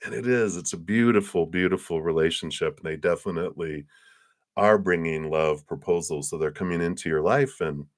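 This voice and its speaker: A man giving a live-stream tarot reading, chatty and excitable, with lots of fillers. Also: sits low, a little fast. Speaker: tarot reader.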